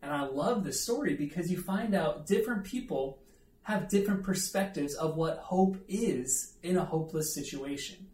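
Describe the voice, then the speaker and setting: A man's voice: a little high, lively intonation, normal speed, darkish tone. A man preaching a conversational sermon, telling a self-deprecating story with asides to the audience. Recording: echoey room, mic at a distance.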